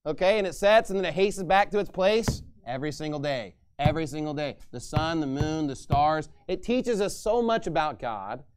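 Emphatic high-voiced male preacher. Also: expressive, normal speed, few pauses, smooth. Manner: emphatic, forceful, mocking asides, reads scripture aloud. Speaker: pastor. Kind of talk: sermon.

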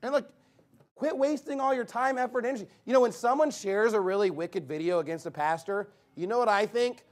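A man's voice: high voice, a little fast, few pauses. A man preaching a sermon, emphatic and repetitive, sometimes mimicking arguments mockingly.

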